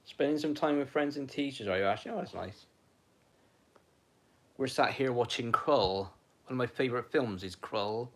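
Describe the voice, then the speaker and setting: A man's voice: mid-range voice, moderate pace, pauses often. A man chatting casually on a live stream from home, rambling and talking to viewers and his dog.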